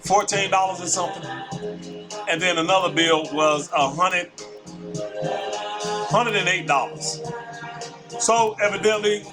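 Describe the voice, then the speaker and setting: Casting note: male call-in host, slightly high voice, chatty and repetitive, with music clearly playing behind him. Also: a little slow, long pauses, low-quality recording. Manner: chatty, repeats the phone number. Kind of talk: casual live call-in talk.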